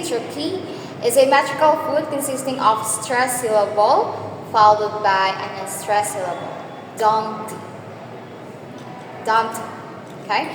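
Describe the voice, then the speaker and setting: A woman teacher, walking students through exam review questions step by step and checking in with them as she goes. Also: high voice. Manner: explains step by step, checks in with "okay?". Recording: echoey room with loud background noise.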